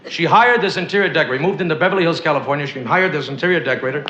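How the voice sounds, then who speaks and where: High-voiced male stand-up comic. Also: very fast. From US East. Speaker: stand-up comedian. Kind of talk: stand-up routine. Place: TV studio stage. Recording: muffled old TV audio, echoey studio, loud audience. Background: laughing studio audience.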